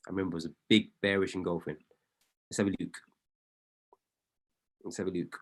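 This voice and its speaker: A man, a trading coach talking casually through trades on screen, excitable and often correcting and apologizing to himself. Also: sits low, a little fast. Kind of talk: casual commentary while reviewing trades on screen.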